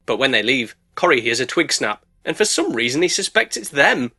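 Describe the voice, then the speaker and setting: A man's voice: big pitch swings, a little fast, few pauses, sharp tone, breathy edge. A British man narrating a sarcastic, jokey movie recap as a reviewer. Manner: cheeky, sarcastic, bursts into squeaky put-on voices.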